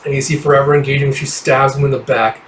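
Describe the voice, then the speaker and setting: A man narrating a comic readthrough, excitable and reacting aloud with swearing as he goes. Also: medium pitch, quick pace. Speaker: reader. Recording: roomy, distant mic, faint hiss.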